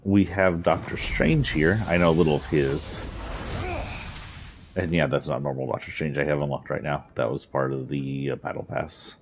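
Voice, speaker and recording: A man's voice: a bass voice, steady tone, normal speed, a little hiss or hum. A man hosting a casual video about a game's story, rambling a little with fillers as he reviews it. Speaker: gaming video host. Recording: dull lo-fi recording.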